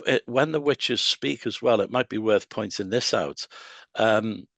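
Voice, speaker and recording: A man giving a public lecture, explaining in a measured way with pauses and fillers. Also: lowish voice, creaky, fairly bright tone, dry recording.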